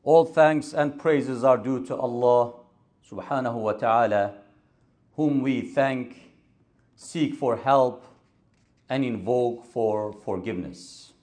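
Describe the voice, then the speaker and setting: A man delivering a Friday sermon as an imam, measured and emphatic, building on repeated phrases. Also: mid-range voice, a little mellow. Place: mosque.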